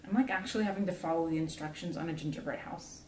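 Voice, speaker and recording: Casting: young woman vlogger, rambly and chatty, lowish voice, echoey room with faint hiss. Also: fast talker, a little mellow. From South Florida. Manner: chatty, rambling, many fillers. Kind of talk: casual chat while building a gingerbread house.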